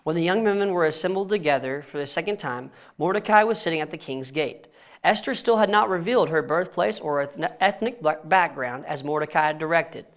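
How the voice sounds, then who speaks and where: A man's voice: fairly high pitch, fairly quick, fairly bright tone. Young man reading scripture, tripping over names. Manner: stumbles over names, laughs at himself. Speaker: Bible study teacher. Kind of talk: casual Bible reading and teaching. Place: church.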